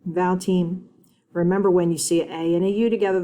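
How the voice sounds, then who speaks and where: A woman teacher giving a phonics lesson to young children, sounding out words slowly and encouraging them. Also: fairly low pitch, flat delivery, mellow.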